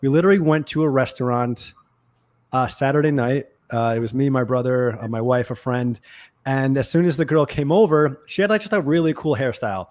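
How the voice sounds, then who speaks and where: A man at a middle pitch speaks as a guest in a relaxed interview. His delivery is gentle and affirming, with easy conversational phrasing. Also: fairly quick.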